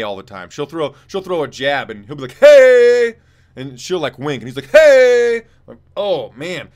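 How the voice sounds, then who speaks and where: A man's voice: mid-range voice, fairly bright tone. A man co-hosting a fight preview show in casual chat, rambling and blunt, and he swears freely. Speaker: co-host rating fights.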